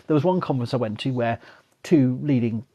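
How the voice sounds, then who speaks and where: A middle-aged man hosts a casual live Q&A in a husky, breathy voice at an ordinary pitch. He rambles and swears, piles on "you know"s, and wanders into asides as he reads out viewers' questions. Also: brisk, mellow. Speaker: archaeologist host of a live Q&A. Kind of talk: casual live-stream Q&A chat.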